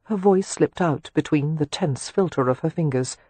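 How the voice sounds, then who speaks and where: Brief: male audiobook reader, soft breathy tone, dry studio sound. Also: on the high side, moderate pace, hardly any pauses, no room sound. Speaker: audiobook narrator. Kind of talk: scripted narration.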